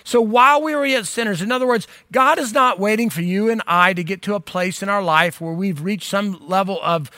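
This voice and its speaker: A man's voice: high-pitched, brisk, hardly any pauses, sharp tone, dry recording, clean studio sound. An older man preaching a sermon as a pastor, in an earnest, conversational way, speaking directly to viewers.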